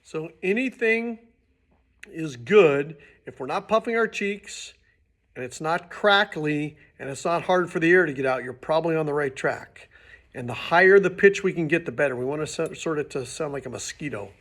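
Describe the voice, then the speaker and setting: Guy music teacher walking beginners through trumpet stuff, kinda high voice, patient and chill. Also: expressive, moderate pace, fairly bright tone. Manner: patient, plain explaining with casual restarts. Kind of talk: instructional demonstration.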